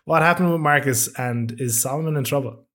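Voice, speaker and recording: A man hosting a podcast, introducing segments and newsletter plugs in a relaxed, joking way. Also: medium pitch, a little fast. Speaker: podcast host.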